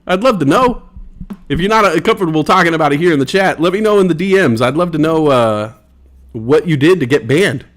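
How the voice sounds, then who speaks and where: A laid-back man hosts a casual livestream, reading chat messages aloud and laughing easily between them. His voice sits a bit higher than most men's. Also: lively intonation, a little fast. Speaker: livestream host.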